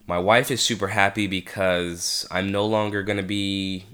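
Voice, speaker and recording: A man's voice: low-pitched, little pitch movement, normal speed, fairly bright tone, smooth. A man in his thirties talking casually at home in a vlog, congested and nasal, with frequent restarts as he reflects aloud. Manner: chatty, self-reflective, many restarts. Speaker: vlogger, father.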